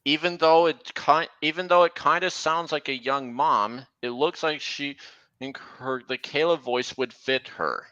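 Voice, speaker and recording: A young man hosting a casual livestream, talking in a halting way with many restarts. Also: fairly high pitch, pushed and bright, dull audio. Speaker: livestream host. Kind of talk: casual stream chat.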